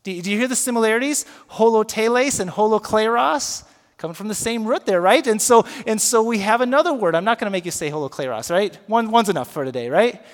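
A male pastor preaching a sermon, moving from hushed, slow prayer to loud emphatic teaching, and leading his congregation in repeating words. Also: high voice, animated. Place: church sanctuary. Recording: long reverb of a large hall.

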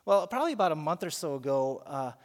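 A man's voice: fairly high pitch, big pitch swings, quick pace. Man preaching in a reverberant hall. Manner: storytelling with frequent repeated words and restarts. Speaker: pastor. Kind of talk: sermon. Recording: long reverb of a large hall.

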